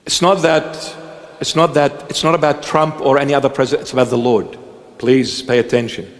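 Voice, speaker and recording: A man's voice: mid-range voice, little pitch movement, fairly quick, big-room sound. A man preaching a sermon, emphatic and repetitive, firing rhetorical questions at his listeners.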